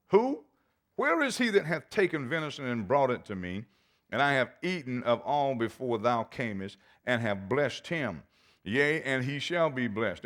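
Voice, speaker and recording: A pastor preaches a sermon, reading scripture aloud in old-fashioned wording with dramatic emphasis. His voice is mid-range with a fairly bright tone.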